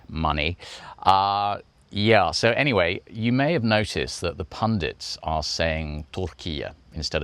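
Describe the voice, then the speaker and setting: A man's voice: extremely low pitch, a bit bright, dry recording. A man playing a smug actor-activist. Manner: preachy, rambling, self-satisfied. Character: smug self-righteous male actor-activist, vlogging. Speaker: performer. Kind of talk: comedic character monologue.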